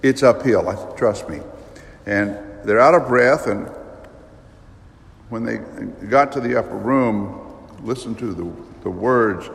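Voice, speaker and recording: Slow, emphatic preaching man in echoing church. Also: mid-range voice, gravelly. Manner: slow, emphatic, vivid storytelling with sudden rises. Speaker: priest. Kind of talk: sermon. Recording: long reverb of a large church.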